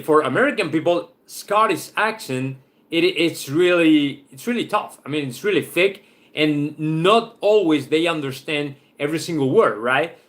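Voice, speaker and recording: Chatty Spanish-accented man, higher voice. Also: fairly bright tone. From Spain. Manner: chatty, loose, often restarts with "right?" and "I mean". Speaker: football channel host. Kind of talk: casual live-stream chat.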